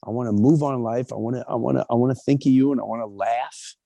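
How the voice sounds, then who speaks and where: Speaking fast in a creaky voice, this middle-aged interview guest tells personal stories with lots of animation. He imitates other people's voices with big pitch jumps, and no room sound is audible.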